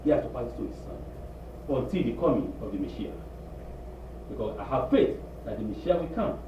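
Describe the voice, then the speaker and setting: A man preaching a sermon in a congregation hall, animated and emphatic, repeating his points, recorded from a distance. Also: mid-range voice, brisk, noisy background. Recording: distant, echoey, dull room recording.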